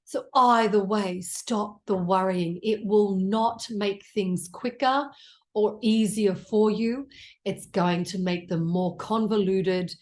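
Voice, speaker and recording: A woman's voice: mid-range voice, steady tone, slow, a little mellow. An Australian woman in her forties giving a casual tarot reading, blunt and chatty, with plenty of swearing. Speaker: tarot reader.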